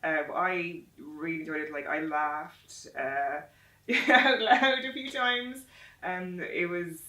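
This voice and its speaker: A woman's voice: fairly low pitch, takes it slowly, bright, forceful tone. A woman co-hosting a casual film review chat. She talks in a chatty way and steers the talk with questions. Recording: roomy, mic at a distance.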